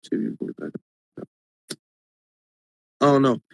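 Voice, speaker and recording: A man's voice: moderate pace, no echo. A man hosting a casual live stream, talking earnestly and emphatically to his viewers, often restarting his sentences as he thinks aloud. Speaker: live-stream host reading viewer comments.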